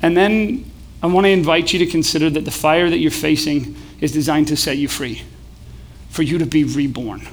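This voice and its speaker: A man's voice: fairly high pitch, steady tone, normal speed. A young man preaching casually to a live audience, joking and leading call-and-response chants. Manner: casual, joking, building to shouts. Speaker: pastor. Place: event hall with live audience.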